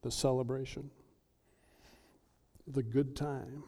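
Mellow-voiced male preacher. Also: mid-range voice, flat delivery, slightly rough. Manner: earnest, emphatic, with dramatic pauses. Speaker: pastor. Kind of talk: sermon.

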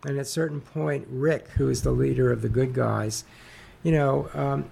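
A man talks in a relaxed interview, his voice carrying a gravelly rasp. He halts often, restarting sentences and filling pauses with ums and uhs as he works through an idea. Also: mid-range voice. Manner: halting, many fillers and restarts. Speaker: author guest. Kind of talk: interview conversation.

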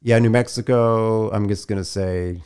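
A man's voice: on the low side, fairly even intonation, darkish tone, clean tone. A man co-hosting a podcast in casual chat, dry in manner, running a quiz while sounding a little sick. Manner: dry, runs a quick quiz game. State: sick, slightly choked voice. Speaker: podcast co-host.

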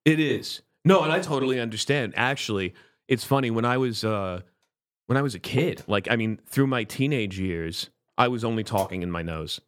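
A man's voice: medium pitch, normal speed, no room sound. A young man from Florida in casual chat, talking emphatically and ranting with rising indignation. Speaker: conversation partner.

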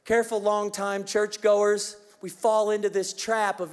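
A man preaching a Christmas sermon as pastor, telling a story with lively, animated delivery that drops to hushed tenderness. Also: high voice, normal speed, hardly any pauses, clean tone.

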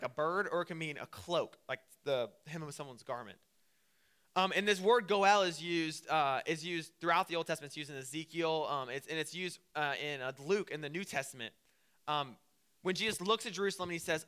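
A young man preaching a casual sermon, telling the story with lively acted-out quotes. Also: fairly high pitch, clear, resonant tone. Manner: animated storytelling, acting out quotes.

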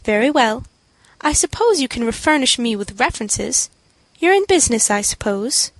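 A woman reading as a brisk landlady. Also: fairly high pitch, big pitch swings, no echo, low-quality recording. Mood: businesslike. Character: tall thin landlady, brisk and businesslike.

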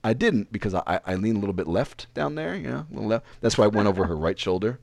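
Lively low-voiced man telling a frank story. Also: fast talker, gravelly, no echo. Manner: frank, rambling, animated retelling with quoted dialogue. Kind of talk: candid personal storytelling.

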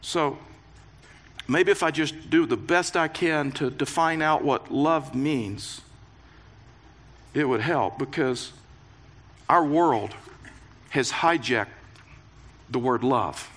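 Male pastor, sermon delivery, bright and forceful tone, slightly high voice, earnest with playful asides. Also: takes it slowly, long pauses. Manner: earnest preaching with playful asides, rising emphasis and repetitions.

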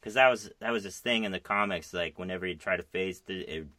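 A man's voice: sits low, quick pace, noisy background. A young man in casual, profane chat, animatedly retelling a TV episode. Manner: profane, animated retelling with silly mock voices. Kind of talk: casual chat about TV and comics.

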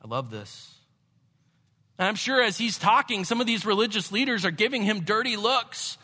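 Male pastor, high bright voice, expressive sermon, long hall reverb. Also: normal speed, slightly rough. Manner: expressive, swings between hushed and emphatic.

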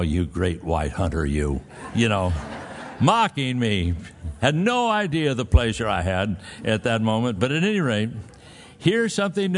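A male pastor preaching a sermon, telling a folksy personal story and then pressing his point with emphatic exhortation. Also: on the high side.

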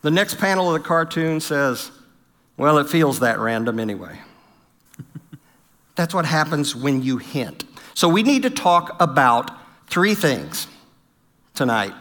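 A man's voice: on the high side, a bit bright. A middle-aged man giving a humorous church talk on marriage, telling stories with self-deprecating jokes and acting out the quotes. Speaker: pastor.

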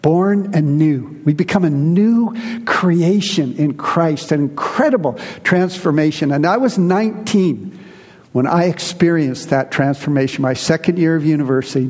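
A pastor preaching a sermon to his congregation, earnest and emphatic, slowing down to stress key words. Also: a little high, a little mellow. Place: church. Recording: reverberant hall.

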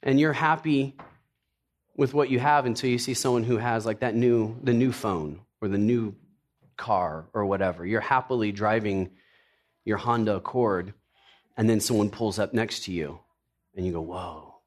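A middle-aged man preaching a sermon, telling personal stories with jokey asides in an animated way. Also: on the low side, normal speed. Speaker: pastor.

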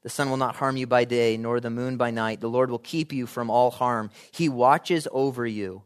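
Man, preacher, sermon, mid pitch, animated, emphatic. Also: moderate pace, smooth. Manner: animated, builds from quiet to loud emphasis.

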